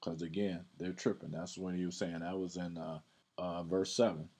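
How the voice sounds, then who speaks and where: On his podcast, a Bible teacher with a deep, low, husky voice explains scripture in a relaxed, conversational way, circling back on his words and leaning into the verses he reads. His tone is level and dark, and he speaks at normal speed.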